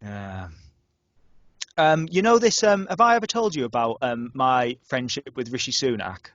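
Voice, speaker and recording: A young man from the north of England, co-hosting a casual student radio podcast and telling stories with lots of restarts and sudden jumps in pitch. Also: normal speed, no room sound, highs cut off. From North Yorkshire, England. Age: young adult. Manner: animated storyteller, restarts and stammers, lively pitch jumps. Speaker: podcast co-host.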